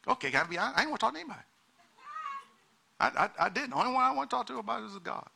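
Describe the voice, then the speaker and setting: A man preaching a sermon in an animated way, repeating words and acting out the people he quotes. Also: high-pitched, very fast, vocal fry, a little hiss or hum.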